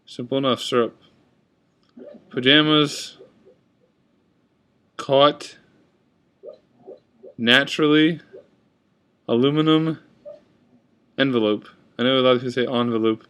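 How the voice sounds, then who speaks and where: A man's voice: medium pitch, fairly bright tone, smooth. A man in a casual video, reading words off a list on his computer and chatting about how he pronounces them. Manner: reads word list, comments offhand. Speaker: vlogger. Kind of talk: casual accent tag video. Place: indoors at a computer. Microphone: webcam at computer.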